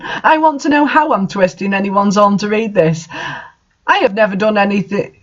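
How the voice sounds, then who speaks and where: A reader giving a mock-dramatic reading of an author's note, theatrical, with sudden shouted outbursts. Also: medium pitch, normal speed, dull audio. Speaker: reader of fan fiction.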